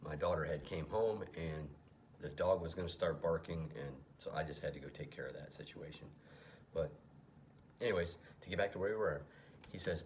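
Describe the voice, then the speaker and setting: A man's voice: low voice, moderate pace, a little mellow, slight background noise. A middle-aged man at home giving a casual commentary on a song, reading lyrics aloud and explaining them, sometimes dropping to a whisper. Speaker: music reaction commentator. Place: home room.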